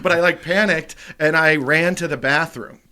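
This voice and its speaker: A man co-hosting a comedy podcast, telling a wild story in a loud, animated, profane way. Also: fairly high pitch, moderate pace. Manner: animated, profane, acts out quotes loudly. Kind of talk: casual storytelling chat.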